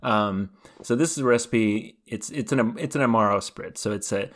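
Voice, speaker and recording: A man's voice: fairly low pitch, normal speed. A man co-hosting a podcast, talking casually and rambling with many fillers and restarts. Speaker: podcast co-host. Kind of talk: casual chat.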